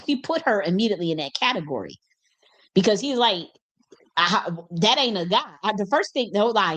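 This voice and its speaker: A young woman spins a casual story as host, her mid-range voice lively and loose. She laughs often, cusses freely and talks in an easy, colloquial way. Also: medium pitch.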